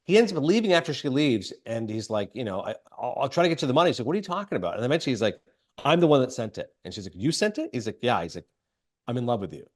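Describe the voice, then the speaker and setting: Male podcast host, brisk, chatty film recapper, filler-heavy. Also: medium pitch, big pitch swings. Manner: rambling, filler-heavy retelling with quick quoted asides.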